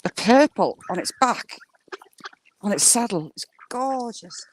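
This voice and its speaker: A woman's voice: animated, a little slow, slight background noise. Chatty woman cooing at ducks. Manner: chatty, coos at ducks in a high sing-song voice. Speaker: vlogger. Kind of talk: casual walking vlog. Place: outdoors by water. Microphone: handheld phone.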